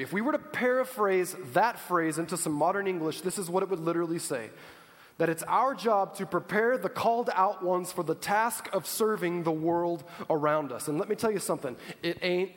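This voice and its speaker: A man's voice: high-pitched, moderate pace. A male pastor preaching a sermon in a church, emphatic and calling out to the congregation for responses. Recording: long hall reverb.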